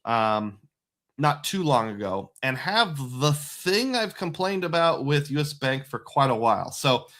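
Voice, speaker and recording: A man's voice: a little high, big pitch swings, measured pace, fairly bright tone. Chatty man rambling through finance news. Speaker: personal finance host. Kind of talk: casual livestream commentary.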